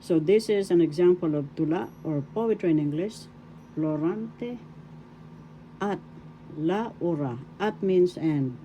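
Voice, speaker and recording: An older woman from the Philippines with a Filipino accent, teaching a language lesson slowly and repeating words syllable by syllable. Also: fairly low pitch, lively intonation, dark tone, highs cut off, slight background noise. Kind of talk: slow spelled-out pronunciation lesson.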